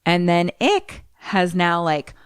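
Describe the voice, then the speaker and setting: A woman's voice: on the low side, big pitch swings, slow, clear, resonant tone, no room sound, clean studio sound. A woman co-hosting a podcast, animatedly retelling a film scene by scene, acting out the characters and swearing freely. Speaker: podcast co-host. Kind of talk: casual chat, retelling a film.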